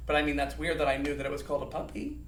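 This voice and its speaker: A man's voice: on the high side, level tone, racing, recorded from a distance, slight background noise. A man teaching an acting lesson to young children, playfully acting out emotions and counting along. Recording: echoey room, voice a bit off-mic.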